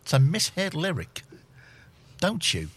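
A man's voice: on the high side, a little slow. A man presenting on community radio, teasing and joking in casual studio chat. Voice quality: husky, gravelly. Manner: jokey, teasing, animated.

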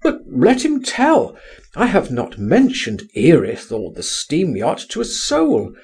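A man's voice: fairly high pitch, huge pitch swings, slow pace, darkish tone, slightly rough, pitched above the performer's own voice, exaggerated voice. A man reading an audiobook, voicing an insistent man coaxing and pleading with a friend to flee. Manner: urgent, coaxing, exclaiming. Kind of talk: audiobook dialogue.

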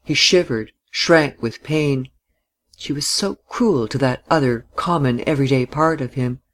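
Measured audiobook narrator. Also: medium pitch. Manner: measured literary reading. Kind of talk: scripted narration.

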